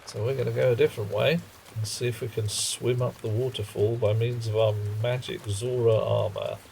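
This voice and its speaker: A man casually commenting on his game and chatting with viewers on a live stream, in a relaxed, rambling way. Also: mid-range voice, moderate pace, vocal fry, a little hiss or hum.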